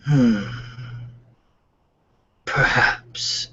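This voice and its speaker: A man voicing a dry, aloof old male archmage who speaks in a measured way, in an amateur manga read-along. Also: sharp tone. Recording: dull lo-fi podcast audio.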